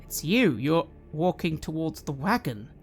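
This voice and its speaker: A man narrating a tabletop role-playing game as game master, measured and descriptive. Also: on the high side, very animated, soft background music.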